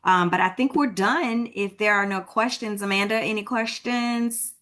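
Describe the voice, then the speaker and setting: Texan woman broker, bright and chatty, teaching a homebuying class over a video call. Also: medium pitch, moderate pace. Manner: chatty and informal, thinks aloud while fixing tech. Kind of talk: live online class. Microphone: computer mic on a video call.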